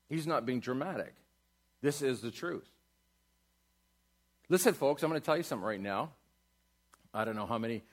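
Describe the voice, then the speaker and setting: A man preaching a sermon in a church, asking his congregation questions and building to loud climaxes. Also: mid-range voice. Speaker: pastor. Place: church sanctuary.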